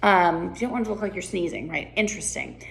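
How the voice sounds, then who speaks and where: A woman's voice: lowish voice, animated, fast, gravelly, fairly bright tone. A woman walking through a play script for sign interpreters, chatty and full of fillers, acting out lines as she goes.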